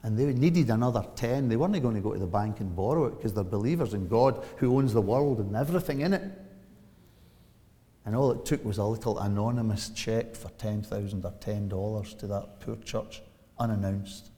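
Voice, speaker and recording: A man in his seventies preaching a sermon, animated and emphatic, asking rhetorical questions and building to loud peaks. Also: fairly low pitch, moderate pace. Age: 70s. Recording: long hall reverb.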